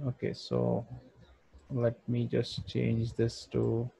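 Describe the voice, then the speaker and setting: A man's voice: medium pitch, monotone, slow pace, creaky, warm tone, a little hiss or hum. A man thinking aloud with frequent fillers as he narrates a screen-recorded design tutorial. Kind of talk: screen-recorded software walkthrough.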